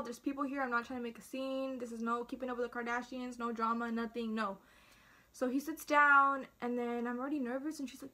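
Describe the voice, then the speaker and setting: A woman's voice: fairly high pitch, steady tone, fairly quick, bright, forceful tone. A teenage girl telling her own story casually to her phone camera, chatty and dramatic, acting out her family's lines. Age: teens. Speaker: vlogger.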